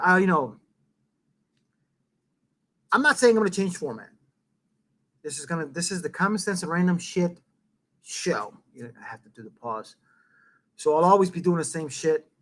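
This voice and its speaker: Middle-aged male host, casual live-stream rant, lively swooping pitch, profane and rambling. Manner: rambling, profane, jumps between loud bursts and muttering.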